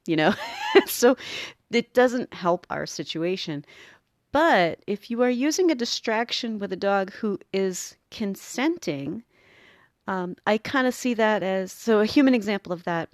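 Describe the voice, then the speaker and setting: A woman's voice: medium pitch, expressive, unhurried, dry recording, studio quality. A woman, a dog groomer hosting a show and explaining training in a chatty, self-interrupting way. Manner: chatty, self-interrupting, acts out little voices. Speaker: podcast host and dog groomer. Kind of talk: casual teaching talk.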